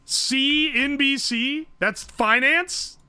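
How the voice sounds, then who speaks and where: A man's voice: very high voice, extremely slow, bright, forceful tone, dry recording. A young man streaming live, swearing, joking and thinking aloud as he guesses. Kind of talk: casual livestream commentary.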